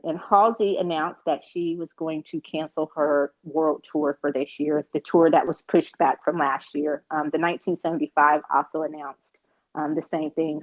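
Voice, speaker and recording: An American woman co-hosts a podcast in a relaxed, rambling way, leaning on fillers between thoughts. Her voice sits on the lower side. The recording is dry and slightly muffled. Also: no echo. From United States. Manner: chatty, rambling with many fillers. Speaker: podcast co-host. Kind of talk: casual chat. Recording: dull, dry lo-fi sound.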